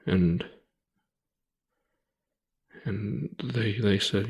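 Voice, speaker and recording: A man in his thirties, a podcast co-host, telling a personal story in a halting, grieving way with many restarts and pauses. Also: on the low side, fairly even intonation, creaky.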